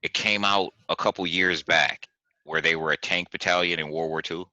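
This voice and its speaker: A man with an extremely deep voice chats casually as a podcast host, recounting stories with animation. His tone is bright and forceful. The sound is dry and close. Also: normal speed, no room sound, muffled recording. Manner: animated storytelling, laughs often. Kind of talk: casual chat.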